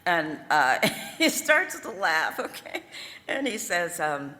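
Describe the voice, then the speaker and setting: An older woman from the American South with a Southern accent, telling personal stories as a panel speaker, lively and laughing often. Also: lowish voice, takes it slowly. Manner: lively, laughing, asks the audience "okay?" and "right?". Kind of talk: storytelling talk with slides. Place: lecture room. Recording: reverberant hall, faint ambience.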